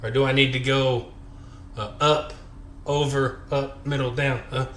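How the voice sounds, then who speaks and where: A man's voice: mid-range voice, level tone, measured pace, fairly bright tone, reverberant, a little hiss or hum. A man chatting on a workout live stream, counting reps aloud, out of breath and joking between sets. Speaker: fitness vlogger.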